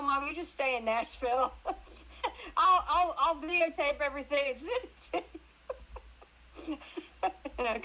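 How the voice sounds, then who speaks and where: A woman guest telling casual stories in an animated way, laughing often and acting out other people's voices. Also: mid-range voice, rough recording. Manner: animated, laughs often, acts out her mother's voice. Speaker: interview guest. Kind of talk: casual storytelling chat.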